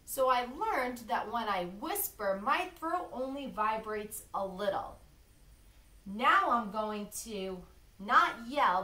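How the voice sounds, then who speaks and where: A woman teacher reading a lesson to young children, slow and clearly enunciated, encouraging them to repeat after her. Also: a little high, expressive, sharp tone, distant mic. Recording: echoey room, a bit off-mic.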